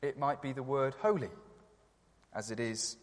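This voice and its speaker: A man preaching a sermon in church, gentle and reflective, with some hesitant fillers. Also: medium pitch, measured pace. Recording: long church reverb.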